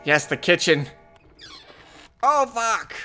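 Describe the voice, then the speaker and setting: Jumpy bright-voiced swearing gamer man. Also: sits high, very animated, takes it slowly, soft background music. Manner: jumpy, swearing, jokey panic. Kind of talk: horror game commentary.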